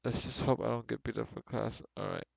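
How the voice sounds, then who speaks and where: A man's voice: mid-range voice, flat delivery, brisk, creaky, no room sound. A man reading a book aloud on stream and breaking off with sarcastic, exasperated commentary.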